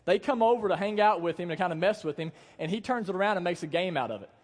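A man's voice: high voice, expressive, quick pace. A young man preaching a sermon in a church, telling the story in a casual, joking way and acting out the quotes. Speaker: pastor. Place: church hall. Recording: long hall reverb.

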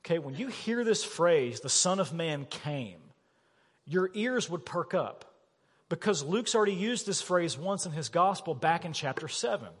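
A man preaching a sermon as pastor, animated and emphatic, asking his listeners questions. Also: a little high, moderate pace, husky. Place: church sanctuary. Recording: long reverb of a church hall.

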